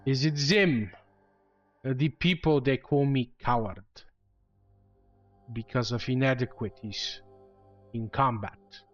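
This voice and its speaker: A ruthless male alien chieftain, voiced by a man, who gives his orders in short, measured commands at a middling pitch. The recording is dull and lo-fi, with faint music beneath. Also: natural voice. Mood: scornful.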